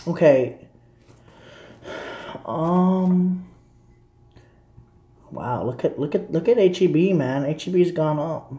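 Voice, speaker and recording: A man's voice: fairly high pitch, expressive, takes it slowly, long pauses, dark tone, roomy sound. A man from Texas rambling to his viewers in a blunt, opinionated live-stream chat, swearing casually as he goes.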